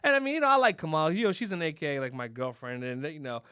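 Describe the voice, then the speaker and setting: A man hosting a podcast, rambling and joking in animated, profane casual chat. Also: fairly high pitch, racing, clean tone, no echo, studio quality. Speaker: podcast host.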